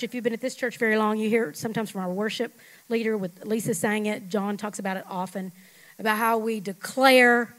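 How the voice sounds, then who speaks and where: A middle-aged woman pastor preaching a sermon, emphatic, leading the congregation in call-and-response and dropping at times to a hush. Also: fairly high pitch, rough recording. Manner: emphatic, swings from loud to hushed.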